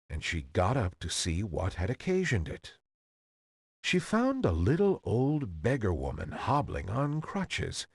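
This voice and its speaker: A man reads an old fairy tale aloud in an old-fashioned, expressive style. His pace is slow and his pitch moves widely. The recording sounds dry and close. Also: dry recording. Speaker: narrator. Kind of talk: storybook reading.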